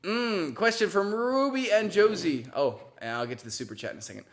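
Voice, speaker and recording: A man hosting a casual live-stream chat and reading out viewer questions, chatty and quick to giggle. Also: high-pitched, animated. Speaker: host.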